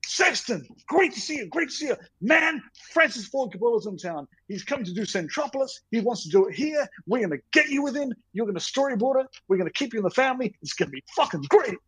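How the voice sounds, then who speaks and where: A man doing an impression of a pushy, fast-talking film producer. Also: extremely high pitch, sing-song, fairly bright tone, husky, dry recording, pitched above the performer's own voice, exaggerated voice, rough recording. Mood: excited. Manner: pushy, rapid, enthusiastic.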